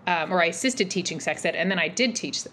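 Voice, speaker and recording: A woman in her forties telling a personal story as a podcast guest, animated and rambling, with many fillers and restarts. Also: fairly low pitch, quick pace, slight background noise. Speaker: podcast guest, mental health practitioner. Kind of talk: casual interview storytelling.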